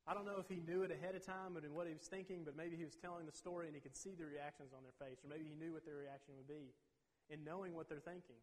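Man teaching, always asking "okay?". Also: fairly high pitch. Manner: peppers talk with "okay?" checks. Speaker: Bible teacher. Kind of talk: teaching a Bible lesson to a group. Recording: long reverb.

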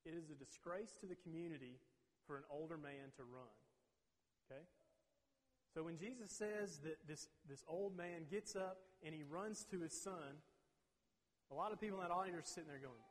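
A man's voice: a little high, normal speed. A man teaching a Bible lesson to a group, constantly checking in with "okay?". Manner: peppers talk with "okay?" checks. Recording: long reverb.

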